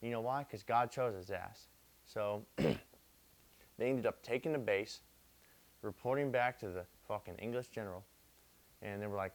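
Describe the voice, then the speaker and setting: A man's voice: lowish voice, moderate pace, pauses often. A young man retelling history drunk, rambling and repeating himself, swearing constantly and using street slang. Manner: profane, repetitive, street slang. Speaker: drunk storyteller.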